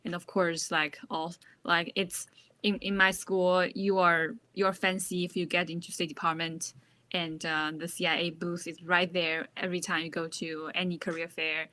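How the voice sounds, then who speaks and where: A woman's voice: on the low side, level tone, normal speed, sharp tone. A woman student in a casual podcast chat, rambling and searching for words. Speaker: student guest.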